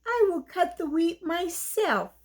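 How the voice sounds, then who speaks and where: A woman's voice: very high-pitched, big pitch swings, takes it slowly, pitched above the performer's own voice, heavily acted. A woman voicing a tired, hardworking mother hen in a children's story, speaking patiently.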